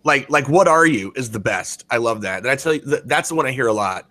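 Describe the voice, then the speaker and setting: Man in his forties, casual chat, rambling and profane, lots of fillers, bright forceful tone, mid pitch. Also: expressive, fast, dry recording. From United States. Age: 40s.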